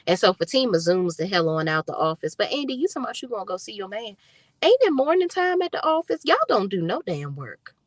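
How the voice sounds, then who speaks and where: A woman's voice: mid-range voice, big pitch swings, quick pace, dry recording. A woman giving casual show recap commentary, blunt, sassy and profane. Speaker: TV recap vlogger.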